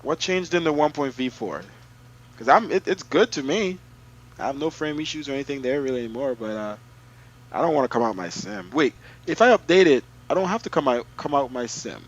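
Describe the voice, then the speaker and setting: A man's voice: medium pitch, a little fast, highs cut off. A man streaming a flight simulator, chatting casually to his viewers and muttering to himself as he works. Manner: excitable, mutters to himself while clicking through menus; chats to viewers. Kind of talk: casual live-stream commentary.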